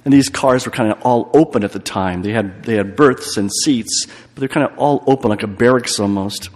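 A man's voice: fairly low pitch, normal speed, big-room sound. A man giving a retreat homily as a priest, telling a story with emphatic repeated phrases.

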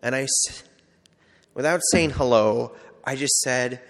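A man's voice: mid-range voice, a little slow, a bit bright. A man speaking as a priest, sharing a personal story in a loose, conversational way. He pokes fun at himself and slips into quoted asides. His mid-range voice rings out with a long reverb, as if from a large church or hall. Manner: conversational, self-deprecating storytelling with many "like"s. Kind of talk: personal testimony talk.

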